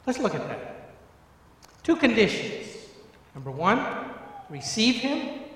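A middle-aged man preaching a sermon, moving from hushed tones to fervent, repeated emphasis. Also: sits high, very animated, slow. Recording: echoey hall, far from mic.

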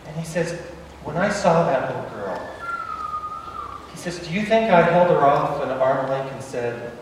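A man preaching, telling a story dramatically with stammered repetitions, swinging between loud and hushed. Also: a little high, expressive, normal speed, pauses often, a little hiss or hum. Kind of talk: sermon storytelling. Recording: echoey hall, voice from far off.

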